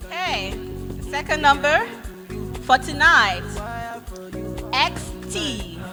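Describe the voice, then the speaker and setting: Woman co-host, high lively voice, slow delivery, loud music in the hall. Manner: slow, expressive, excitable. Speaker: co-host reading numbers. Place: large event hall.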